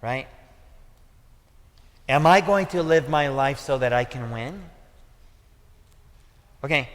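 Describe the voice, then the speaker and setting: In a church sanctuary, a male pastor with a Midwestern American accent preaches slowly, his medium-pitched voice full of lively intonation. He talks conversationally, keeps repeating "okay" and "listen," and builds to near-shouting when fired up, all captured in a reverberant church hall.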